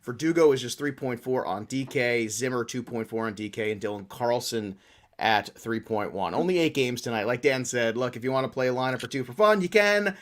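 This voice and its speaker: A man co-hosting a sports podcast in casual, joking banter, often clearing his throat. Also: mid-range voice, brisk. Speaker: podcast co-host.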